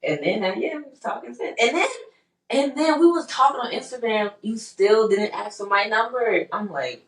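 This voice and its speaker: A woman's voice: fairly high pitch, expressive, normal speed. A young woman with a Charleston accent swings her voice up and down as she acts out her own reactions and ribs her partner. She sits a bit back from the microphone in a roomy, echoing space. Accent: Charleston, South Carolina. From Charleston, South Carolina. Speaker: podcast co-host. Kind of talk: casual chat. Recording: roomy sound, distant from mic.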